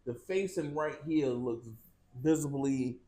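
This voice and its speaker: A man's voice: mid-range voice, slow, warm tone. A man co-hosting a gossip talk show, blunt and casual, swearing freely. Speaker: co-host. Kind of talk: casual celebrity gossip chat.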